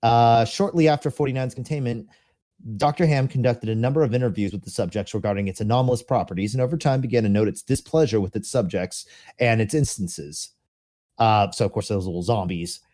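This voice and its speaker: A man's voice: mid-range voice, fairly quick, dark tone. A man co-hosting a podcast, reading documents aloud and chatting about them, with laughs now and then. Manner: reads text aloud, then chats with frequent laughs. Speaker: podcast co-host. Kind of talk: casual reading and discussion.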